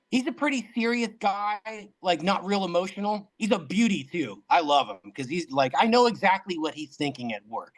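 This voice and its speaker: A man's voice: a little high, low-quality recording. A man guest on a podcast, telling a long anecdote in casual chat, full of fillers and restarts.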